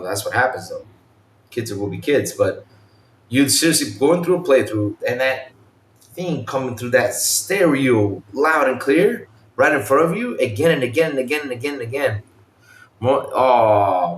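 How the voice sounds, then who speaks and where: A man hosting a casual gaming podcast, animated, imitating game sounds and swearing casually. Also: mid-range voice, echoey room. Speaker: podcast host.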